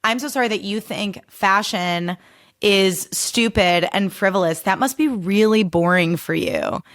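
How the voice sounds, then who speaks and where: A woman's voice: fairly low pitch, a bit bright. A woman in her thirties hosting a solo podcast, talking in a sassy, emphatic rant full of swearing. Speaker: podcast host.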